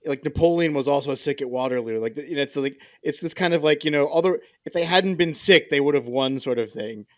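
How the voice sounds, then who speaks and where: A man's voice: fairly high pitch, fairly quick, hardly any pauses. A male historian in a casual podcast discussion, rambling and heavy on fillers. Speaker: historian guest.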